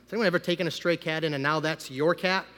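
A man, a pastor, giving a conversational sermon that rises into loud, emphatic preaching. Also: a little high, fairly even intonation, fast. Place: church sanctuary. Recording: long hall reverb.

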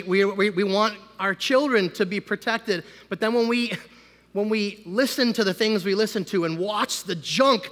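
A man, a pastor, giving a conversational sermon that rises into loud, emphatic preaching. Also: high-pitched. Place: church sanctuary. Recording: long hall reverb.

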